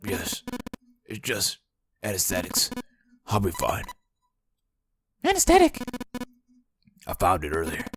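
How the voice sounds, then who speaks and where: A woman's voice: a bass voice, wildly swooping pitch, slow pace, pauses often, slight background noise, exaggerated voice. A woman doing a slurred drowsy weak man. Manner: quiet, slurred and fading.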